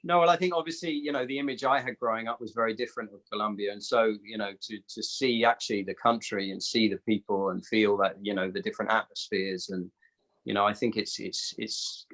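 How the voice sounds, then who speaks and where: A man's voice: fairly low pitch, fairly even intonation, fast talker, fairly bright tone, rough recording. A British man, an actor guest, chatting enthusiastically in an interview, rambling and self-deprecating. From Britain. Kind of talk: casual interview chat.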